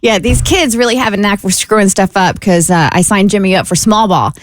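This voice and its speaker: A woman co-hosting a radio show, making quick joking remarks. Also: mid-range voice, dry recording. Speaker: radio co-host. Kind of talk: casual radio banter. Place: radio studio.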